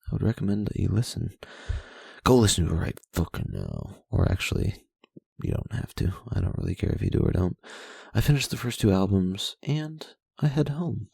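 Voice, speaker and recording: A young man recaps his week like a spoken diary, talking close to the mic with plenty of fillers and swearing. His voice is low, mellow and heavily gravelly. It also has a husky edge. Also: very animated, moderate pace, dry recording. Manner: rambling and profane, with many fillers. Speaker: show host. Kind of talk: casual diary-style recap. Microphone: close microphone.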